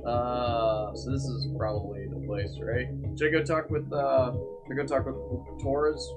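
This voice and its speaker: A man's voice: medium pitch, flat delivery, measured pace, over loud music. A man hosting a casual let's play, joking, laughing often and reading game lines aloud. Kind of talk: casual gameplay commentary.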